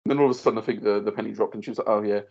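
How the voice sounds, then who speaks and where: A man in his thirties, a podcast co-host telling animated stories in casual chat and acting out what others said. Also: fairly low pitch, racing, creaky, husky, highs cut off. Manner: animated storyteller, acts out quoted voices.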